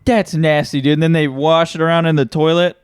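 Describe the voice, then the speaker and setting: A man co-hosting a podcast, chatting casually with a jokey, deadpan humor. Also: on the high side, fairly quick, clean tone, dry recording. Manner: jokey, deadpan bits and silly put-on voices. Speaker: podcast co-host. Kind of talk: casual chat.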